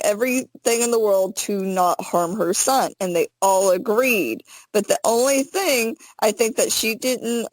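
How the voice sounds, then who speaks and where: A woman co-hosting a fan podcast, chatting casually with plenty of fillers and pausing to search for words. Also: medium pitch, no room sound, poor audio. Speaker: podcast co-host.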